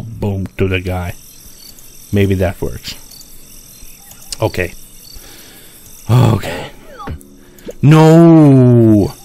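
Man, low voice, slow and drawn-out, exasperated let's play commentary, swearing. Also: warm tone. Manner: frustrated, swearing, talking to himself. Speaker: gameplay streamer.

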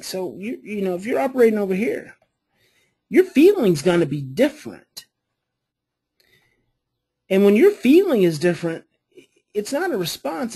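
A woman coaching a parenting class, explaining earnestly and modeling calm phrases to say. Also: medium pitch, husky.

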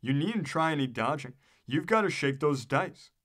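A blustering, hot-tempered drunk hotel owner, older and loud, shouting his demands across a bar, as a storyteller puts him on. His voice rises well above the narration, booming and bragging. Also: lively intonation, normal speed. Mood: angry.

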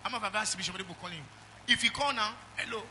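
Nigerian pastor man, high bright ringing voice, call-and-response sermon, faint hiss. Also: rapid-fire. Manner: call-and-response preaching, swings from loud exhortation to soft asides. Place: church.

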